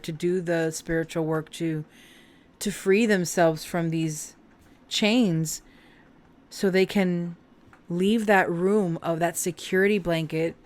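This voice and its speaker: Slow, low-voiced emotional tarot reader woman. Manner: heartfelt and emotional, talks straight to viewers. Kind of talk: casual tarot reading to camera.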